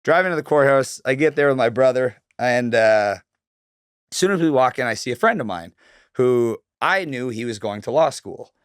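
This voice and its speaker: A young man tells a story loosely and animatedly, swearing freely and slipping into the voices of the people he quotes. His voice sits at an ordinary middle pitch. The recording is dry and close. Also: animated, normal speed, smooth, no echo. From Canada. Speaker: guest telling his life story. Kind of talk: casual storytelling.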